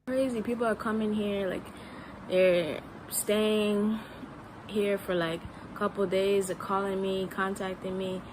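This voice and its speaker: A woman's voice: medium pitch, fairly even intonation, unhurried. Frank woman vlogging over traffic noise. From United States. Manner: frank, fills with "like". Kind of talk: casual vlog. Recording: street noise with passing traffic.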